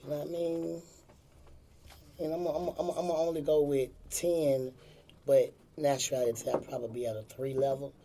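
A man's voice: on the high side, steady tone, normal speed, warm tone. A man talking as a guest in a casual podcast chat, blunt and repeating his points.

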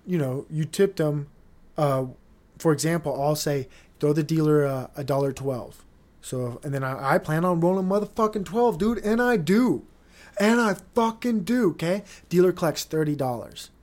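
A young man hosting a solo podcast, telling stories in a loose, excitable way, swearing often and laughing between lines. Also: fairly high pitch. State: dry mouth. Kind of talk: casual solo monologue.

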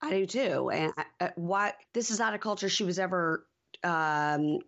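A woman's voice: lowish voice, animated, moderate pace, fairly bright tone. A woman in her forties co-hosting a podcast, casually retelling TV scenes and acting out the quotes. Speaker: podcast co-host. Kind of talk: casual TV recap chat. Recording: dull lo-fi audio.

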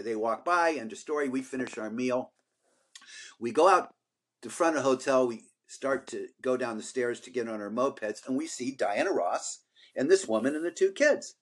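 An older man co-hosting a podcast, telling long stories in a casual, rambling way with lots of fillers. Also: medium pitch. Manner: rambling, animated storyteller with many fillers. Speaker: podcast co-host. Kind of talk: casual storytelling chat.

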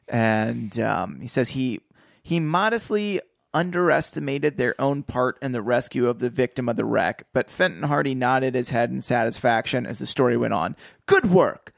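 Animated gravelly man reading aloud. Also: medium pitch, no room sound, studio quality. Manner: animated, laughs often. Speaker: podcast co-host reading a book aloud. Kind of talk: casual podcast reading and chat.

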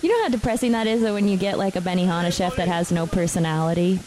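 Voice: mid-range voice, fast, darkish tone, poor audio. A speaker in casual podcast chat, rambling and giggling.

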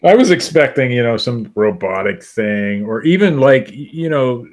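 A man's voice: medium pitch, animated, normal speed. A man co-hosting a podcast, teasing the others and laughing often in casual chat. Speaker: podcast co-host.

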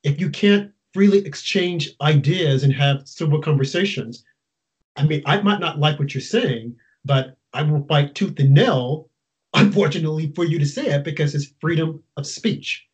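A man's voice: fairly high pitch, moderate pace, a little mellow. A man hosting a casual interview, talking emphatically and putting exasperated questions to his guest. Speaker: interview host. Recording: dull lo-fi sound.

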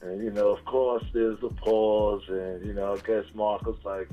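A man's voice: lowish voice, flat delivery, moderate pace, mellow, dull audio, faint music behind. A man, a DJ and producer from Long Island, telling stories in a casual, slangy interview and acting out the lines of the people in them. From Long Island, New York. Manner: slangy, laid-back storytelling, acting out others' lines.

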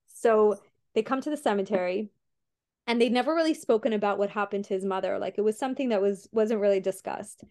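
A young woman tells a story on her podcast in a casual, rambling way. She fills her sentences with likes and you knows and keeps restarting them. Her pitch sits in the middle for a woman. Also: a little fast, a little mellow. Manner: rambling, filler-heavy retelling with many restarts. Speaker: podcast host.

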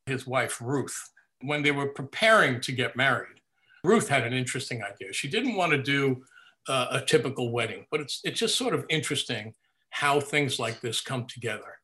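An older man in an interview, recounting family memories in a lively storytelling way and laughing at his own anecdotes. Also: mid-range voice, moderate pace. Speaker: interview guest. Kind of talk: reminiscing in a conversational interview.

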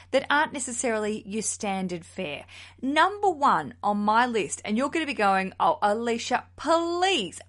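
A woman, hosting a casual solo podcast in a chatty, animated, self-mocking way. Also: medium pitch. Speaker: podcast host.

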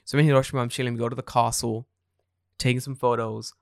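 This podcast co-host, who lives in Japan, speaks quickly at medium pitch with vocal fry, in clean, echo-free studio sound. In casual chat he tells lively stories, swearing a lot and performing the voices of people he quotes.

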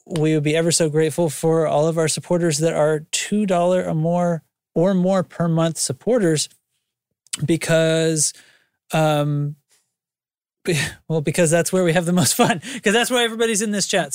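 Chatty high-voiced male podcast host. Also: clean tone, no echo, clean studio sound. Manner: rambling, laughing, chatty. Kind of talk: casual podcast chat.

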